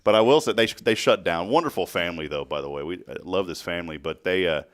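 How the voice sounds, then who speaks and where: A man's voice: sits low, quick pace. A man, hosting a local morning talk show, telling rambling stories full of fillers and laughs. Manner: chatty storyteller, laughs often, many fillers. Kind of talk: casual chat.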